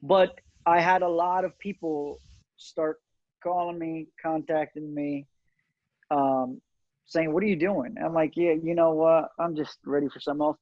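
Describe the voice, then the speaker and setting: Middle-aged male guest, earnest and halting, somewhat higher voice, dry lo-fi sound. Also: no echo. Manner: earnest storytelling with many fillers and restarts. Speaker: cigar company owner, guest. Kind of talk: casual interview chat. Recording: dull, dry lo-fi audio.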